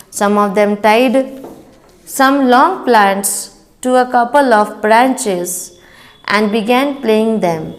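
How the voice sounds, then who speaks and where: A school teacher with a voice on the high side reads a story lesson aloud to young children, going very slowly and deliberately. She pauses to explain word meanings, rereads lines, and chants sound words in a sing-song rhythm.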